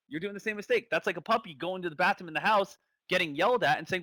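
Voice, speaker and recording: A man's voice: high-pitched, fast talker, bright, forceful tone, no echo. A man giving casual live commentary on a stock trading stream, thinking aloud and repeating phrases.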